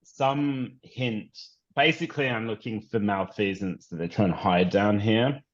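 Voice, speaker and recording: Man, tabletop player, casual halting talk, low voice, dull lo-fi sound. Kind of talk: casual tabletop game play.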